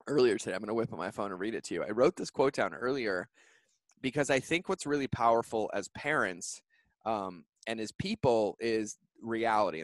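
A man in his thirties, a podcast guest, telling an emotional personal story in an earnest, heartfelt way with fast run-on phrasing. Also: medium pitch, no echo. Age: 30s.

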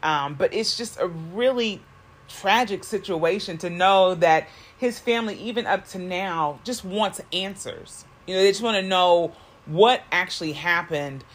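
Woman, lowish voice, podcast co-host, casual rambling chat, lots of fillers, recorded in a car. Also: measured pace. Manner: rambling, self-correcting, many fillers.

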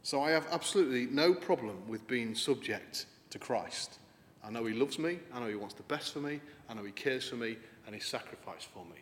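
A man's voice: medium pitch, animated, fairly quick. A man preaching a sermon in an earnest, conversational way, lifting his voice for emphasis. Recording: long hall reverb.

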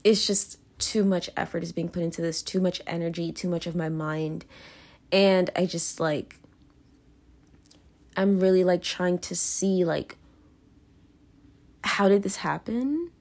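A young woman talks through her feelings on her own podcast in a casual confessional monologue that rambles, self-conscious and full of fillers and restarts. Her lowish, darkish voice moves at a measured pace with long pauses.

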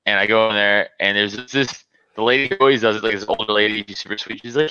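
A man's voice: lowish voice, fairly quick, pushed and bright, clear, resonant tone, no echo, highs cut off. A man telling rambling stories in casual chat, full of restarts and filler words. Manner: rambling storyteller, many restarts and "like". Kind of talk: casual banter.

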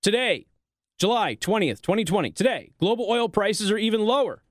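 A man's voice: sits high, very animated, a little fast, no room sound, clean studio sound. A man doing sarcastic political commentary, reading news clippings aloud and breaking off to mock them with rhetorical questions. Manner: reads articles aloud then interjects.

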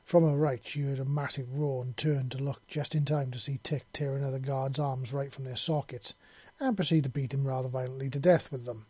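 A man reads a science fiction story aloud at a steady, even pace. His voice is husky and mellow, with very little rise and fall. The recording is close and dry. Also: medium pitch, fairly quick, few pauses, no echo. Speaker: audiobook reader. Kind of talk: story narration.

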